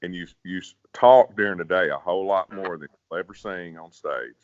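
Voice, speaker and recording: A very low-pitched man talks through singing advice in a folksy, conversational way, repeating words as he goes. The sound is dry and a little dull. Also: a little fast, no echo. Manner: folksy, repeats words, drops to a growl to demonstrate. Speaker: professional bass singer, guest. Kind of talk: casual interview, giving singing advice.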